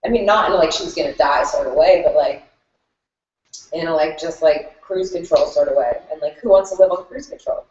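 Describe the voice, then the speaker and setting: A woman's voice: low voice, fairly quick, darkish tone. A woman coach sharing a client story in a group, emotional and chatty, saying "like" constantly. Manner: chatty, says "like" a lot. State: emotional, near tears. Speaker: fitness coach. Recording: distant mic in an echoey room, dull.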